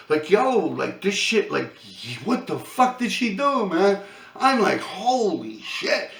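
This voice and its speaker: New york dude in his 50s, bright gravelly voice, cussing n laughing thru a rambling story. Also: sits high, reverberant, far from the mic. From New York City. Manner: profane, rambling, animated, laughs a lot. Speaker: vlogger. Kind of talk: casual storytelling rant.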